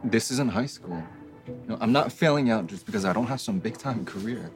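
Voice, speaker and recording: A man's voice: fairly low pitch, lively intonation, a little fast, soft background music, lightly acted. An actor playing a young man in a film who defensively turns down help he never asked for. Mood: irritated. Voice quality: defensive, irritated. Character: guarded young man resenting pushy help. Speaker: film character. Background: film score.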